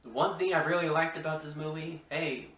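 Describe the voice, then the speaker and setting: A man's voice: a little high, fairly even intonation, brisk, a bit bright. A man from Washington State hosting a podcast, chatting casually about movies in a rambling, exclamatory way that stumbles over restarts. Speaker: podcast host. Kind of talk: casual movie review chat. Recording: roomy echo, mic at a distance.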